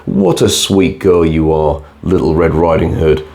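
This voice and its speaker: A man's voice: sits low, measured pace, creaky, warm tone. A man voicing a frail, sickly old grandmother in bed in a bedtime storybook reading, weak and thin in manner.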